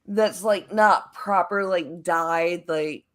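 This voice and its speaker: A woman's voice: lowish voice, takes it slowly, noisy background. A woman in a casual group chat who rambles, with lots of filler words and some casual swearing. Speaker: guest.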